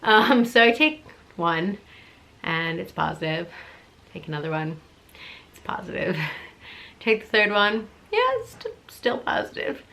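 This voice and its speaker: A young woman telling a personal story to camera in a casual, animated way, laughing often. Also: on the low side, unhurried, vocal fry, pauses often. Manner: animated, laughing, acts out both sides of the conversation. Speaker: vlogger answering viewer questions.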